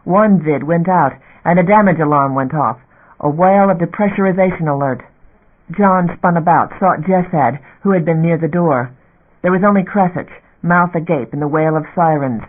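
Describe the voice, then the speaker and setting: Male audiobook narrator, fairly high voice, steady dramatic read, phone-like narrow recording. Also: normal speed.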